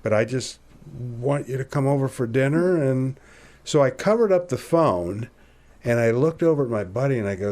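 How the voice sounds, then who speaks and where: Speaking in a mid-range voice at a moderate pace, a roughly sixty-year-old man from Ohio recounts a personal story on a podcast. His delivery is relaxed and lively, voicing the dialogue himself and laughing at his own expense.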